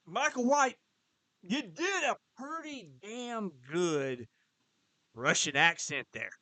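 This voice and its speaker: A man hosting a wrestling preview show, excitable and quick to interrupt with questions. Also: sits high, no room sound, low-quality recording. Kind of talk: casual podcast chat.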